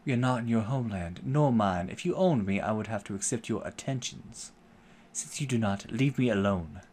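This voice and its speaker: A man's voice: on the low side, moderate pace, a little mellow, breathy edge. A man voicing a proud, bitter young enslaved woman who speaks curtly and keeps her guard up. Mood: cold. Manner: curt and guarded.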